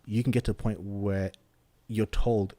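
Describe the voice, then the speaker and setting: A young adult man co-hosting a podcast, recapping and discussing in a relaxed, conversational way. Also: on the low side, moderate pace, dry recording. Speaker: podcast co-host. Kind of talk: casual review chat.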